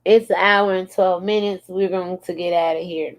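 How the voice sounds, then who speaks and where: A commentary channel host with a lowish voice and steady tone reads posts out loud in a casual show. She speaks in a slow drawl and reacts with plenty of laughs.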